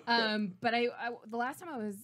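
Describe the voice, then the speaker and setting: A woman's voice: fairly high pitch, a little fast, crowd noise. Woman guest, Boston-raised, casual and giggly. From Boston area. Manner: laughing, chatty. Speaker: actress and guest. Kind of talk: casual chat.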